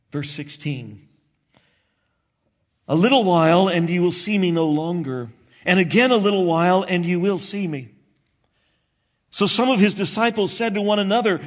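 A man preaching a sermon, expressive and slowing down for emphasis. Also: high-pitched. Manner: expressive preaching, acts out disciples' voices, slows for emphasis. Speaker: pastor.

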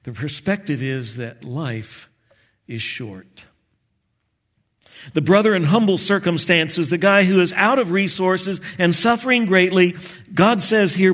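A male pastor delivers a sermon in a bright, high-pitched voice. He is animated and playful, acting out prayers and chuckling at himself between points. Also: slow.

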